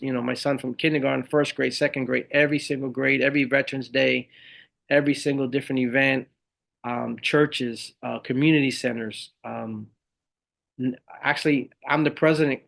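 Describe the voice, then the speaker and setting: Middle-aged male veteran guest with a gravelly edge, lively and conversational. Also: mid-range voice, fairly quick. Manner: animated storyteller who acts out the voices of others. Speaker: guest, motivational speaker and Marine veteran. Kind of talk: conversational interview storytelling.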